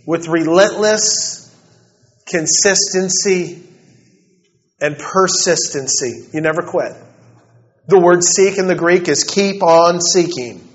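A man preaching a sermon, dropping to soft, slow assurances and then building to fervent, rising declarations. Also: on the high side. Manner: swings between soft, slow, intimate passages and rising, fervent ones. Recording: dull lo-fi recording.

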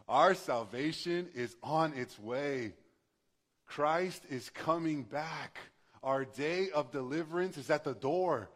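A male pastor preaching a sermon in a conversational, passionate way, building to emphatic bursts. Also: a little high.

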